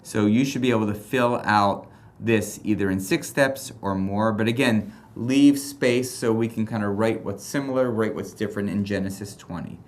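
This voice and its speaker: A man with a fairly low voice teaches a recorded class. He reads passages aloud, then breaks into animated rhetorical questions, stopping and restarting as he thinks aloud. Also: normal speed, a little hiss or hum.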